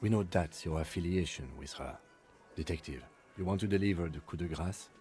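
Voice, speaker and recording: A man voicing a calm, dry game lieutenant. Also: low voice, brisk, soft background music, lightly acted. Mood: composed. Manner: composed, matter-of-fact. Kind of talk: video game voice acting.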